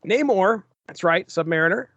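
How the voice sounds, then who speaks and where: Man, podcast co-host, animated high voice, dry close sound, laughs easily. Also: moderate pace, no echo, muffled recording. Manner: laughs often, reads credits and plot summaries. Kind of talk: casual chat recapping comics.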